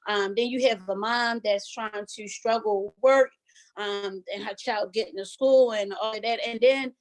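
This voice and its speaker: A woman's voice: mid-range voice, fairly even intonation, normal speed. A middle-aged woman hosting a casual motivational talk, speaking earnestly and conversationally and calling her listeners y'all.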